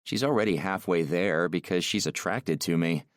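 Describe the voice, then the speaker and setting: Low-voiced male audiobook narrator. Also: moderate pace, dry recording, clean studio sound. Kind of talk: scripted first-person romance narration.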